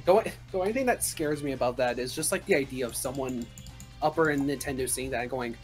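A man's voice: medium pitch, fast, faint music behind. A man hosting a podcast in casual group chat, joking and teasing his friends with frequent laughs.

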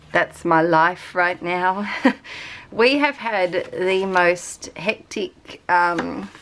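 A woman's voice: mid-range voice, fairly bright tone. An Australian woman at home, chatting casually and rambling as a craft vlogger. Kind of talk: casual chat.

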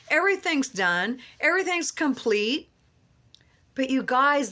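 A woman's voice: fairly high pitch, bright, forceful tone. A woman preaching and praying for her viewers in a fervent, repetitive way, her voice moved and tearful. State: tearful, emotional. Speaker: online prophetic minister. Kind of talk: emotional prayer and prophetic encouragement.

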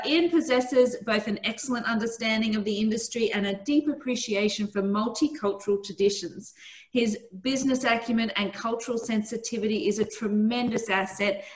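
A woman's voice: a little high, a bit bright, poor audio. A woman hosts a video call, thanking and introducing guests. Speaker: host.

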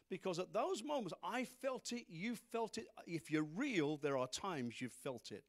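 High, lively male preacher. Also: moderate pace, hardly any pauses. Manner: animated, acts out Bible characters, laughs at own jokes. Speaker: pastor. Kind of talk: sermon.

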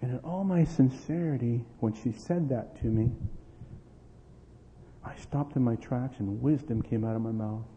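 Middle-aged preacher, tinny echoing hall recording. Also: male voice, mid-range voice, unhurried, slight background noise. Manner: animated storyteller, acting out quoted dialogue, laughing. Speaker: pastor. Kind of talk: sermon with family stories. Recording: tinny lo-fi with long hall reverb.

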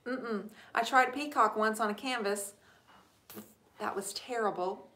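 A woman hosting a casual live stream, chatting warmly and thanking viewers by name as she answers their questions about painting furniture. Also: on the high side, measured pace. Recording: echoey room.

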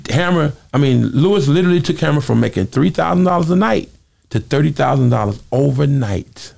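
A man who is a former singer, telling lively stories in an interview and acting out the voices of other people in them. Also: gravelly. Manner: quick, lively storytelling, acting out quoted voices with big jumps in pitch. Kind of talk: animated storytelling interview.

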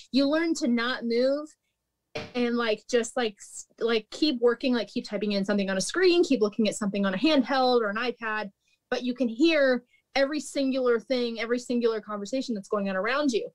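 A woman with a somewhat high voice tells stories from her restaurant days. Her talk is loose and chatty, full of "like", with frequent laughter. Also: a little fast. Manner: chatty, peppered with "like", laughs often. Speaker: guest, former restaurant manager. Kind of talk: casual storytelling chat.

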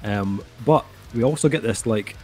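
With faint music behind him, a middle-aged album review co-host talks at a moderate pace in a lowish, dark voice. He rambles casually and fills his speech with words like "um" and "kinda."

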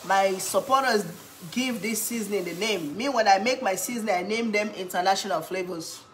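A woman chatting casually in an eating vlog, humming with pleasure between bites and cheering when something catches her eye, then giving a playful pitch for her own products. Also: fairly quick, fairly bright tone. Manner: chatty, talks while eating, hums with pleasure, bursts into cheers. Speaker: cooking vlogger.

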